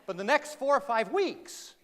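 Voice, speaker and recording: A man's voice: very high-pitched, big pitch swings, moderate pace. A man giving a humorous talk to a live audience, telling a story with dry, sarcastic asides and questions to the crowd. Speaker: humorous speaker. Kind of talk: comic keynote storytelling. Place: large hall with an audience. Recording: reverberant hall, faint noise.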